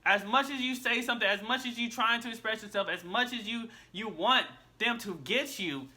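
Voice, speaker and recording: High, bright-voiced man reacting bluntly. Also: moderate pace. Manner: blunt, repeats himself, slangy with "bro". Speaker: reaction video host. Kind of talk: casual reaction commentary.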